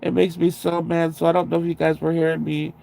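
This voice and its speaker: A man's voice: on the high side, monotone, fast talker, creaky, dark tone, a little hiss or hum. A man hosting a livestream, chatting casually with his viewers in a rambling way, restarting sentences and laughing at himself, into a sensitive close microphone. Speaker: livestream host.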